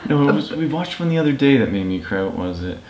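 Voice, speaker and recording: A man's voice: medium pitch, very animated, fast talker, heavy background noise. A man chatting casually in a couple Q&A, teasing and enthusiastic as he tells stories. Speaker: vlogger's boyfriend. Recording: roomy echo.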